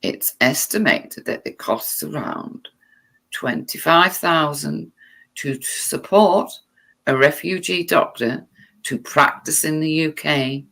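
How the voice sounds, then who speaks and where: A woman reads text aloud at a slow, unhurried pace, her voice gravelly with fry. She keeps breaking off for sarcastic, irritated asides. Her tone stays bright and tense throughout. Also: low voice. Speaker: vlogger.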